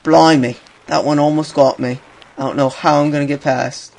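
A man's voice: on the high side, flat delivery, brisk, gravelly, darkish tone. A young man commentating on his own game play, chatty and talking to the game and himself. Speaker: gaming youtuber.

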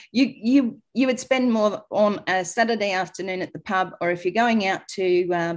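A middle-aged Australian woman with an Australian accent, hosting a webinar and giving a blunt, emphatic sales pitch over a video call. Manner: blunt, emphatic, talks straight to listeners. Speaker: webinar host.

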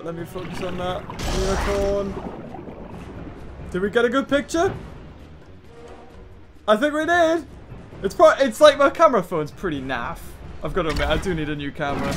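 A British man giving chatty, excitable let's-play commentary from his bedroom at home, thinking out loud and laughing often. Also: high voice. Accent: British English. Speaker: gaming channel host.

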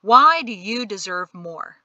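A woman voices a stern male colonel in an audiobook, blunt and forceful in a bright, tense voice. He scolds with clipped, cutting indignation, the sound close and dry. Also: medium pitch, animated, slow, no room sound, dull audio, full character voice. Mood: indignant.

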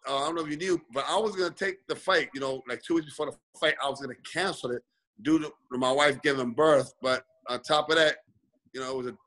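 Over a low-quality video call, a boxer being interviewed as a guest rambles through a long story packed with "you know" fillers. His voice is fairly high, pushed and bright.

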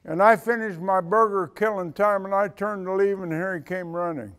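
An older man gives a speech as a retired military leader, telling a story in a lively way and acting out the dialogue. His voice sits fairly high for a man. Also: normal speed, clear, resonant tone. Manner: animated storyteller who acts out dialogue. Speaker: retired senior enlisted leader giving a talk.

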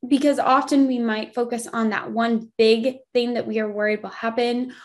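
A young woman with a fairly high voice explains a spiritual study lesson in a relaxed, conversational way. She thinks out loud as she goes, rewording her sentences with plenty of "um"s and self-corrections. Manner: thinks aloud, rephrasing with frequent "um" and self-corrections. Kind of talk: informal workbook lesson walkthrough.

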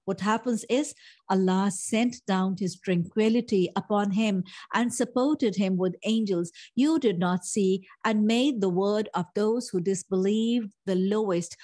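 A middle-aged woman giving a Quran lesson, her voice at an ordinary pitch for a woman. She explains each verse at length and weaves Arabic phrases into her English. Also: a little mellow. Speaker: Quran teacher.

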